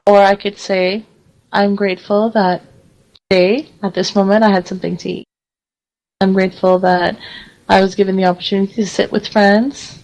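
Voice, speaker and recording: A lively woman radio host talking in a casual, chatty way. She acts out quoted exchanges as she goes and laughs often. Her voice sits at a middle pitch for a woman. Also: normal speed, poor audio.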